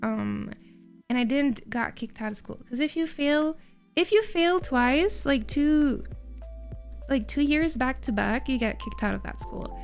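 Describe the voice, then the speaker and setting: High-voiced young woman with a mild Quebec French accent. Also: animated, a little slow, vocal fry, soft background music. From Quebec, Canada. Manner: chatty, laughs often, trails off and restarts. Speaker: streamer. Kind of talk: casual chat with viewers.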